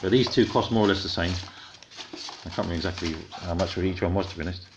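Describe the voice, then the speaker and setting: A man's voice: deep voice, fast talker. A man chatting casually as a vlogger, explaining things as he unboxes and assembles a scooter with his child at home. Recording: dull lo-fi audio with steady noise.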